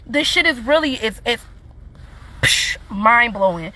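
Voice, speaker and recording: A young woman with a high, bright voice lets loose in a heated livestream rant. She mocks and swears, breaking into scornful laughter as she goes. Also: animated, a little slow, no room sound. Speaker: livestreamer responding to her child's father.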